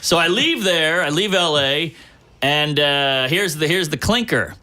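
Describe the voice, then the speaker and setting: Bright-voiced man telling self-deprecating stories. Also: a little high, measured pace. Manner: self-deprecating, profane, animated storyteller. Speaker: guest comedian. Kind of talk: casual storytelling chat.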